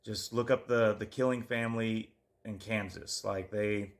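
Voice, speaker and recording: A man's voice: on the low side, steady tone, unhurried. A man co-hosting a podcast, chatting loosely about true crime, swearing often and losing his train of thought. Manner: rambling, swears a lot, trails off. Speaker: podcast co-host. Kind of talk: casual true-crime chat.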